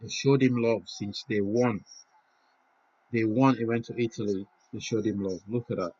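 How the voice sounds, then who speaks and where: A man reacting live to a football match, swinging between loud cheers and hushed, moved awe. His voice is husky and low, and the recording sounds muffled and lo-fi. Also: steady tone, moderate pace. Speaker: football watch-along host.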